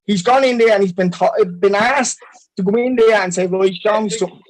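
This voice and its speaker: High-pitched Irish man talking football. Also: brisk, low-quality recording. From Ireland. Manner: conversational, ends lines with "like". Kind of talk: casual football chat.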